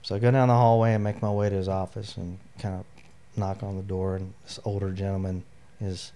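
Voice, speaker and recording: Lowish-voiced man telling a candid story. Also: flat delivery, fairly quick, warm tone, slight background noise. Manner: candid, heavy with "you know" fillers. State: near tears. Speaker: guest, army veteran. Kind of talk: emotional personal storytelling in an interview.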